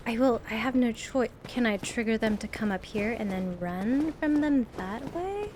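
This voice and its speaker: A woman's voice: fairly high pitch, expressive, unhurried, hardly any pauses, background noise. A woman streaming a video game live, commenting as she plays, nervous and swearing, talking to the enemies on screen and laughing at her own fear.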